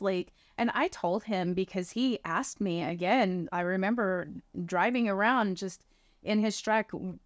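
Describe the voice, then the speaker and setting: A woman's voice: mid-range voice, no echo, studio quality. A woman in her thirties sharing a personal testimony, earnestly telling her story and acting out what people said to her. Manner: earnest storytelling, acts out quoted dialogue.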